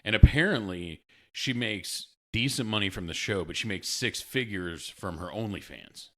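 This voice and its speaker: A man's voice: on the low side, normal speed. A man co-hosting a podcast in casual chat, joking around and laughing easily. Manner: lively, laughs easily, jokey. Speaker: podcast co-host.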